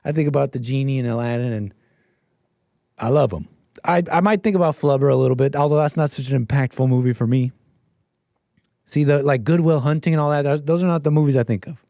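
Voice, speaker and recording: A man hosting a casual livestream call-in show, rambling and correcting himself, his voice swinging between quiet asides and louder bursts. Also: mid-range voice, quick pace, creaky, no room sound. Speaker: livestream host.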